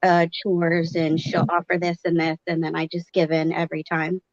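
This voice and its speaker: A woman's voice: on the low side, monotone, normal speed, dry recording, muffled recording. A woman guest telling her own story with frequent hesitations and fillers.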